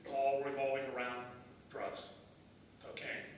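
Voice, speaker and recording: A man's voice: mid-range voice, monotone, a little slow, lo-fi sound, soft background music. Man telling his story in an echoey hall. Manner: candid storytelling, acting out his old self in rising, insistent bursts. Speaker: speaker at a benefit dinner. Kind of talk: personal recovery speech. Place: large banquet hall. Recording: echoey banquet hall, voice from a distance.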